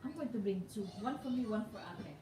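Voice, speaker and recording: Filipino woman in the background, relaxed asides, distant mic with faint room noise. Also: medium pitch, brisk. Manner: casual asides, mixing in Tagalog words. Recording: echoey room, far from the mic.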